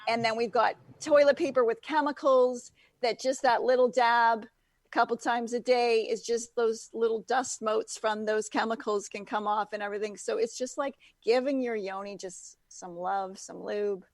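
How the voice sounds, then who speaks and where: A woman's voice: on the high side, steady tone, moderate pace, dry recording. A woman guest in a casual interview, chatty and full of fillers like "like" and "you know". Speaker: guest, natural products founder.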